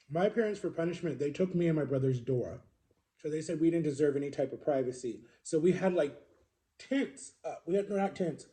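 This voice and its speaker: A man telling a personal story to camera in an earnest, halting way, with frequent fillers. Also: a little high, dark tone. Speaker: vlogger.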